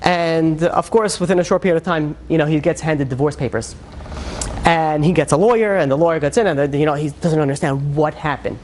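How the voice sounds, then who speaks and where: A man, a rabbi, telling a dramatic story in a sermon, with lively, conversational storytelling that swings into character voices. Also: brisk, slight background noise. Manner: animated storyteller, acts out characters with shifts in pitch; conversational, many fillers.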